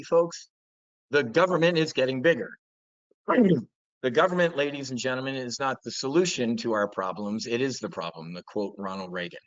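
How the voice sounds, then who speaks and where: A man's voice: mid-range voice, no room sound, highs cut off. Blunt, profane man ranting about markets. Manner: blunt, profane, animated rant with mocking impressions. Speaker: trading show host. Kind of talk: live market commentary.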